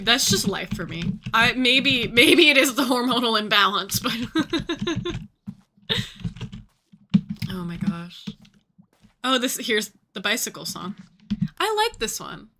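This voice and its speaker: A woman's voice: a little high, expressive, unhurried, pauses often, bright, forceful tone. A young woman streaming a game, chatting casually and rambling with lots of fillers. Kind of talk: casual gaming stream chat.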